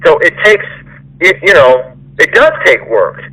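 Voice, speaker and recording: Ranting, profane man with a lively voice. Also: fairly high pitch, a little slow, no echo, low-quality recording. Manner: profane, ranting, mocks the listener in whiny voices. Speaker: employer. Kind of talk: angry phone lecture. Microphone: recorded phone call.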